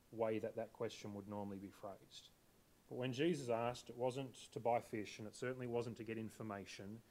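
A man's voice: fairly low pitch, darkish tone. A man preaching a sermon in a conversational way, often asking his listeners questions. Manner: conversational, asks the congregation questions.

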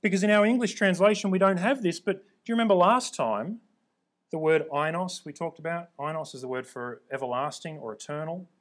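A man's voice: a little high, fairly quick. A man preaching and teaching from the Bible, emphatic, repeating words for stress and checking in with his listeners.

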